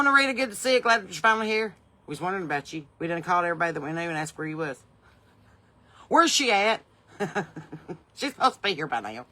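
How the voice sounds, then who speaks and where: Bright-voiced Southern woman chatting casually. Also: sits low, poor audio. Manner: folksy, chatty, greets commenters by name. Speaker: podcast host and country singer. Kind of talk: casual livestream chat with viewers. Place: home porch.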